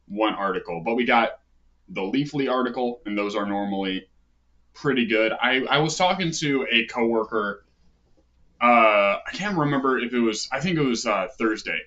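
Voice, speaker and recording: Rambling man hosting a casual livestream. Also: medium pitch. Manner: rambling, relaxed, with fillers and asides. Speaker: livestream host. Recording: dull lo-fi stream audio.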